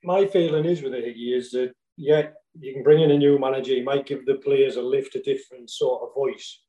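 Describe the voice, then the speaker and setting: A man in casual football chat, making his point in a measured way with examples. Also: medium pitch, steady tone, mellow, highs cut off. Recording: roomy echo.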